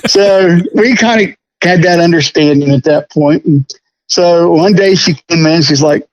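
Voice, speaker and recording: A middle-aged man telling stories about restoring a prop in a casual interview, folksy and quick to laugh. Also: fairly high pitch, poor audio. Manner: chatty, folksy, laughs often.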